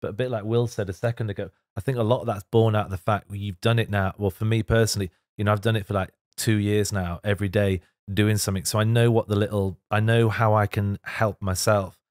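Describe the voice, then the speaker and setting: A man's voice: on the low side, little pitch movement, fast talker, few pauses, no room sound, studio quality. A middle-aged man, a guest on a podcast, talking candidly in casual chat, laughing often and sometimes tearful. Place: podcast studio. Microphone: studio microphone.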